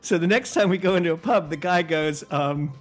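A man from the United States telling a comedy podcast a lively anecdote and acting out the people in it. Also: a little high, brisk, soft background music. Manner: animated storyteller acting out quotes. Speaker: guest actor. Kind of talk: casual anecdote.

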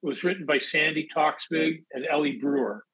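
A man and actor, chatting casually as an interview guest, telling animated stories and bursting into loud acted-out quotes. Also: on the high side, a little fast, husky, rough recording. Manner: animated storyteller, acts out quotes in big voices. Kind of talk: casual anecdotal chat.

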